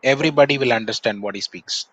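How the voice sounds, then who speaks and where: A man's voice: medium pitch, fairly bright tone, lo-fi sound. Indian man with a Tamil accent, thoughtful. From Tamil Nadu, India. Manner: measured, thoughtful, many pauses and "uh" fillers. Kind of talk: casual conversation.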